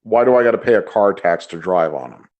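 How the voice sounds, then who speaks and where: Casting: male podcast co-host, low-ish voice, opinionated, stammers into his points. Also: expressive, fairly quick, darkish tone, highs cut off. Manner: repeats words when starting sentences. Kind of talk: casual chat, opinionated rant.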